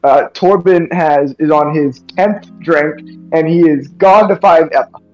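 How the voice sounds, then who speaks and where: A man at a tabletop game with a fairly high voice, animated as he argues for his character. He is recorded on a dull, lo-fi mic. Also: unhurried, soft background music. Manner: animated, acts out his drunk character's lines. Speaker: player.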